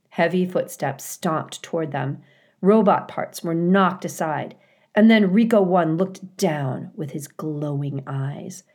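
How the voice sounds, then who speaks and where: Woman reading a kids book aloud, low voice, nice and slow. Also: darkish tone. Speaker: reader. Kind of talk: children's novel read-aloud.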